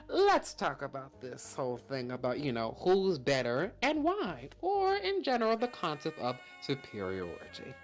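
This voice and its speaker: A woman's voice: deep voice, wildly swooping pitch, measured pace, soft background music. A woman hosting a podcast in a casual monologue, sassy and slangy, laughing often. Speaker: podcast host.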